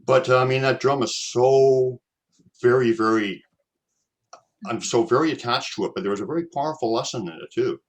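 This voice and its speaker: A man's voice: medium pitch, moderate pace. A Canadian man hosting a casual chat, telling a personal story in a rambling way, with repeated words and many fillers.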